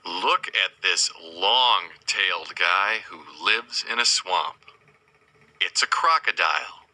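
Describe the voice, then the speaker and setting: A man teaching young children, slowly naming animals, asking simple questions and spelling each word letter by letter. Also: low voice, expressive, bright, forceful tone, rough recording.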